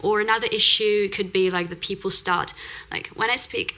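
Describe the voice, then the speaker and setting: Bright-voiced woman with a British accent. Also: medium pitch, fairly even intonation, fast talker. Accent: neutral British. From Russia. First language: Russian. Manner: explanatory, full of "like" and restarts. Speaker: accent coach, guest. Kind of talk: casual interview chat.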